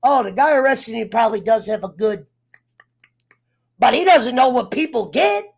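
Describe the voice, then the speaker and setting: A man's voice: very high-pitched, lively intonation, normal speed, gravelly, husky. A man telling a personal story in casual chat, heated and profane, getting fired up as he talks. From United States. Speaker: round table guest.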